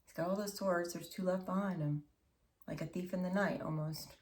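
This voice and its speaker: A woman's voice: on the low side, fairly even intonation, normal speed, darkish tone, distant mic. A woman giving a channeled tarot reading, intimate and emotional, often dropping to a whisper and calling listeners honey and baby. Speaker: tarot reader.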